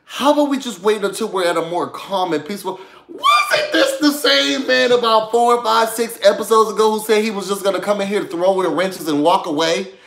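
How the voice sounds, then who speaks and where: A high-voiced man gives an animated, gossipy reality-show recap in casual chat. He speaks straight to his viewers and asks them to dig for news. The room echoes noticeably around him. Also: fast, few pauses.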